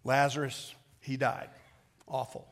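A middle-aged man preaching a sermon as pastor, talking conversationally, shifting from loud calls to hushed reflection. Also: medium pitch, flat delivery, a little slow.

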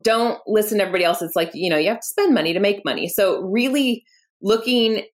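A woman's voice: mid-range voice, lively intonation, fast. A woman in her thirties, a company founder, telling her story candidly in an interview, acting out quoted dialogue and laughing often. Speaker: founder and guest.

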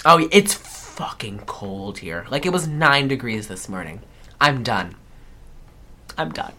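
A woman's voice: rumbling low, animated, slow, pushed and bright, a little hiss or hum. A woman co-hosting a podcast, joking and teasing in a casual movie-recap chat. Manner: joking, teasing, breaks into celebrity impressions. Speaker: podcast co-host.

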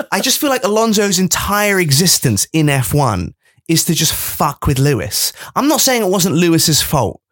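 A man's voice: on the high side, very animated, normal speed, fairly bright tone, no echo, studio quality. A man co-hosting a podcast, playfully riffing and swearing in casual chat. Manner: playful, swears, slips into mock voices of others. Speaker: podcast co-host.

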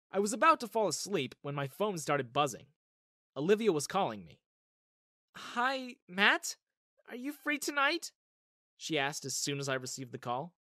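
A woman storyteller narrating a story in the first person as a young man, in an animated manner. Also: deep voice, no echo, studio quality.

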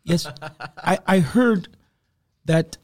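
A man, comedian and podcast host, chatting casually with animated bursts and quick laughs. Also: sits high, no echo, clean studio sound. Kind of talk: casual chat.

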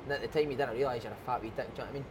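A man's voice: mid-range voice, very fast, noisy background. A Scottish man in his thirties, a former footballer telling a story in casual chat, swearing freely. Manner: swearing, animated anecdote telling. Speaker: podcast host, former footballer.

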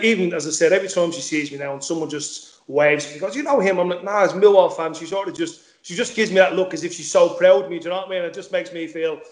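Fast-talking man, echoey room. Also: a little high, a bit bright. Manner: chatty, repeats words, swears casually. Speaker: former footballer, guest. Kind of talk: casual interview chat.

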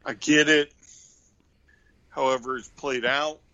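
A man co-hosting a casual wrestling podcast, giving measured, knowing opinions. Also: mid-range voice, fairly even intonation, sharp tone, dry recording, highs cut off. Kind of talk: casual chat.

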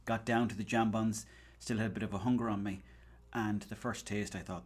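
A man's voice: fairly low pitch, steady tone, fairly quick, few pauses, husky. An Irish man hosting a podcast, rambling through a comic story, swearing and acting out bits of dialogue. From Ireland. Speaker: podcast host. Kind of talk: casual comedic monologue.

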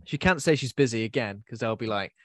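A man hosting a casual chat about new films, talking in loose, rambling bursts full of restarts and fillers. His voice sits at a middle pitch. It is recorded close and dry, with no room sound. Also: animated, fast, dry recording. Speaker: podcast host.

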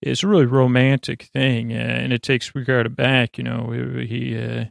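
Man, sleep-podcast host, gravelly, flat delivery, meandering with lots of fillers. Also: medium pitch, dry recording, studio quality. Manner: meandering, full of drawn-out fillers. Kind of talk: rambling sleep-podcast episode recap.

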